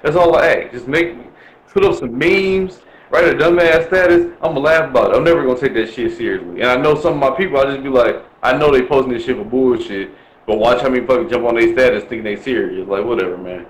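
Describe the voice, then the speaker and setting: A man's voice: mid-range voice, fast talker, echoey room, low-quality recording. A man from Milwaukee talking bluntly and profanely in a casual chat, ranting with lots of swearing. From Milwaukee, USA.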